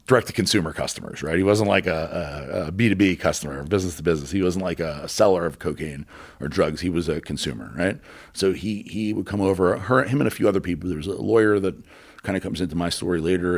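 A deep-voiced man, appearing as an interview guest, candidly tells a personal story in a halting way, with many fillers and blunt swearing.

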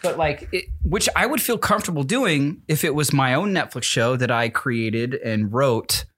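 A man's voice: medium pitch, normal speed, fairly bright tone, no room sound, studio quality. A young adult man, an actor co-hosting a podcast, talks in a rambling, self-interrupting way with teary eyes, laughing through the tears. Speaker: podcast co-host. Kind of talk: casual chat.

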